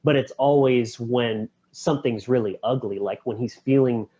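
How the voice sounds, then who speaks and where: Animated man retelling scenes, lo-fi sound. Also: mid-range voice, breathy edge. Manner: animated, acts out scenes with quick voice impressions. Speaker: podcast co-host. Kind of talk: casual film discussion. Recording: dull, lo-fi podcast audio.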